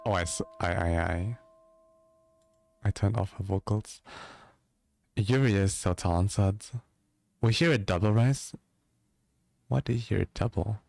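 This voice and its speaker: A man's voice: fairly low pitch, measured pace, gravelly, pauses often, a little mellow, no room sound. A man chatting casually with viewers as a livestream host, joking around.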